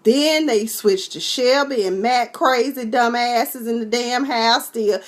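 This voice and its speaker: A woman's voice: a little high, slow, hardly any pauses. A woman with a Texan accent, recapping a TV episode in a sassy, exclamatory way, acting out the characters as she goes. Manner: sassy, exclamatory, acts out scenes with many voices. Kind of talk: animated casual recap.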